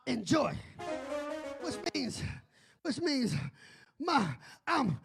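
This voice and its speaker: A man preaching a sermon as a bishop, shouting and building into a singsong whoop. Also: very high voice, very animated, very slow, gravelly, long pauses.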